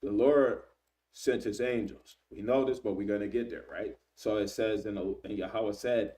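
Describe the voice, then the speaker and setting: A man reading scripture aloud and explaining it in relaxed everyday slang, often checking in with "right?". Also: on the low side, moderate pace, recorded from a distance. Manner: reads scripture then paraphrases in slang, frequent "right?". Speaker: Bible teacher. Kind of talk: casual Bible study reading and commentary.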